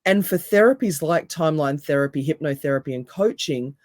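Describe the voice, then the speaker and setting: A woman with a deep voice, a hypnotherapist and coach speaking as a podcast guest with calm, emphatic, repeated phrases. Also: a little fast, no room sound, studio quality.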